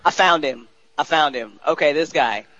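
A woman's voice: deep voice, moderate pace, a bit bright, no room sound, muffled recording. A woman co-hosting a casual podcast, laughing and self-deprecating. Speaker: co-host.

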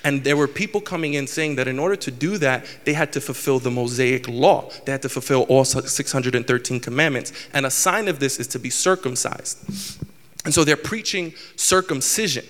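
A man's voice: mid-range voice, brisk, a bit bright, in a large hall. A man in his twenties preaching a candid, self-deprecating sermon, often restarting his sentences. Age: 20s.

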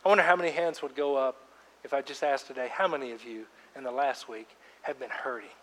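A man preaching a sermon as pastor, emphatic, swinging between loud outbursts and hushed words. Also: medium pitch, fairly even intonation, quick pace. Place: church sanctuary. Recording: long reverb of a large church hall.

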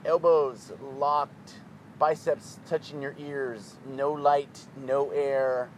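A man leading a yoga class, giving calm, rhythmic, clipped instructions. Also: medium pitch, extremely slow, slight background noise, rough recording.

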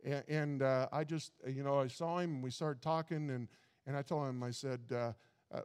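A man's voice: mid-range voice, fairly even intonation, normal speed, a little mellow, smooth, big-room sound. A man preaching a sermon in a folksy way, often stumbling over and repeating his words. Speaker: pastor.

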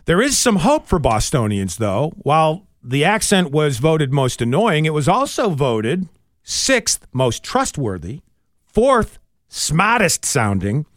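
A man hosts a radio show with a high, lively voice that jumps up and down in pitch. He reads segments and teases his co-hosts with a wry edge, and the sound is close and dry. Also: slow pace, no room sound. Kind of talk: radio hosting and banter.

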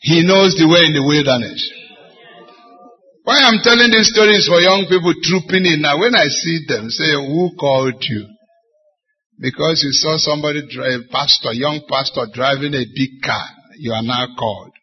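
Bishop in the pulpit, husky voice, dramatic testimony, muffled lo-fi recording. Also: male voice, fairly high pitch, moderate pace. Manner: dramatic storytelling, acts out dialogue. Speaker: bishop preaching. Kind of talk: sermon with personal testimony. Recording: dull lo-fi sermon recording.

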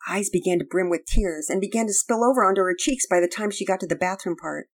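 A woman reading a children's story aloud with expressive, plain storytelling. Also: medium pitch, fast talker, rough recording. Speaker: narrator.

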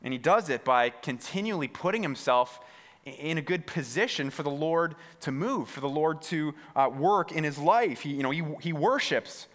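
A pastor preaches to his congregation in a large church hall, his voice on the high side, expressive and fairly bright, at normal speed. He keeps stammering, repeating words and restarting, and he puts direct questions to his listeners.

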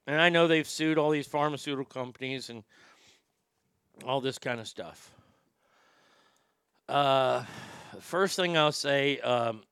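A man's voice: mid-range voice, creaky, a bit bright, clean tone, no room sound, clean studio sound. A man playing a crude, brash middle-aged radio shock-jock who swears freely and rambles with tobacco in his mouth. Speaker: radio host. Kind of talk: comedic radio show monologue.

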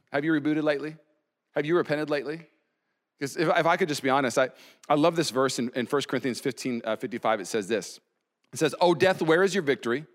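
A man in his thirties preaching a sermon as pastor, animated, with sudden loud exclamations. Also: on the high side, quick pace.

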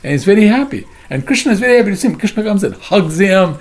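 Here a man's high voice moves at a quick pace with lively intonation. He's teaching a devotional scripture class, narrating the story in a chatty style and repeatedly asking "right?" and "you know what I mean?"

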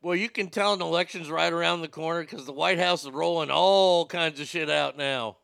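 A sarcastic, foul-mouthed man riffs on the headlines like a show host. His voice sits high and bright with a gravelly edge. The sound is close and dry. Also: normal speed, no echo. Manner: sarcastic, profane, mocking. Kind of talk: crude political commentary.

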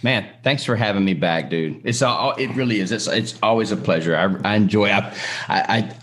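A man's voice: lowish voice, moderate pace, fairly bright tone. A man talking as a guest musician on a podcast over a video call. He is laid-back and humble. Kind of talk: casual podcast chat.

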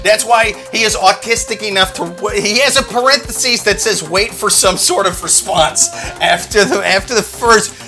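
A man's voice: high-pitched, normal speed, few pauses, bright, forceful tone, soft background music. Profane, ranting male podcast co-host. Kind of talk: casual comedic banter.

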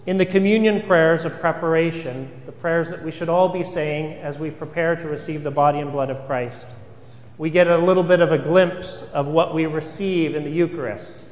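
A man's voice: fairly high pitch, steady tone, moderate pace. A man, a priest, giving an earnest sermon, asking rhetorical questions and repeating key phrases for emphasis. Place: church. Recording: reverberant church hall.

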